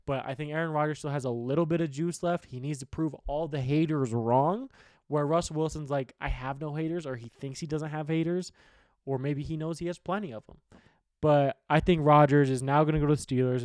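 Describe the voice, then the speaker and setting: A man with a slightly high voice chats about football in a loose, rambling way, throwing in casual swearing and strong opinions. The sound is dry and close, with no room echo. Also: steady tone, a little fast, darkish tone, clean tone. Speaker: sports betting podcast host. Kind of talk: casual sports talk.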